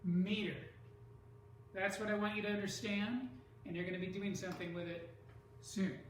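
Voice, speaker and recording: A teacher giving a lesson on poetry, speaking slowly and deliberately and sounding out stressed syllables. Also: mid-range voice, steady tone, a little hiss or hum. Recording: echoey room from far off.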